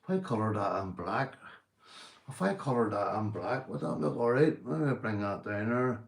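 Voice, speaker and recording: A man's voice: lowish voice, lively intonation, moderate pace, gravelly. Slangy Northern Irish man, roomy echo. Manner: slangy, calls everyone mate; swears freely. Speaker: livestreamer. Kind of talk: casual live-stream chat.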